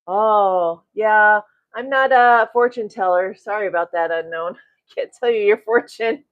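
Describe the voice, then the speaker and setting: A woman's voice: mid-range voice, unhurried, dull audio. A middle-aged woman coaching a live-streamed self-development class, greeting viewers and often tagging her points with "right?" and a chuckle.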